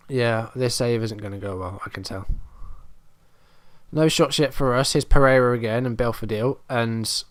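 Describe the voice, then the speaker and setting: Casting: man in mid-range pitch, exasperated let's-play commentator, close and dry. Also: moderate pace, no room sound. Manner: exasperated, self-deprecating, muttering play-by-play. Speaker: gaming commentator.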